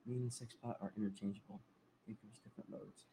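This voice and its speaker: A man's voice: lowish voice, fairly even intonation, quick pace, dark tone, slight background noise, low-quality recording. A man co-hosting a casual podcast, tossing in dry wisecracks and casual swearing. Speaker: podcast co-host.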